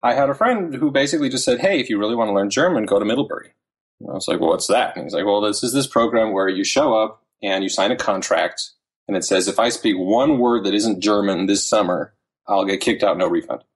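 A man in his thirties, a language learning author, chatting casually as an interview guest with lively quoted asides. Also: on the low side, quick pace, slightly rough. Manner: animated storytelling with quoted asides.

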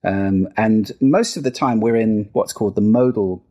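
Speaking at a normal speed with a warm tone, a middle-aged man from the UK guests on a podcast interview. As an expert in sound and listening, he demonstrates while explaining voice and listening, varying his pitch and register.

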